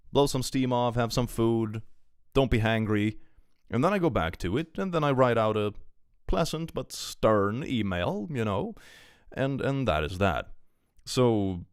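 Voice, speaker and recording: A man's voice: fairly low pitch, smooth, no room sound, studio quality. A young man reading online posts aloud on a live stream and ranting about them, swearing freely. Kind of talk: casual live-stream commentary.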